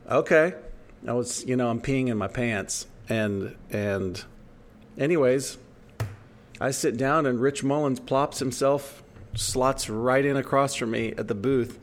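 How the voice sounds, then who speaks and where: A man's voice: medium pitch, measured pace. A man from the United States telling a long personal story in casual conversation, often restarting sentences and acting out what others said. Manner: rambling, self-correcting, animated when quoting others.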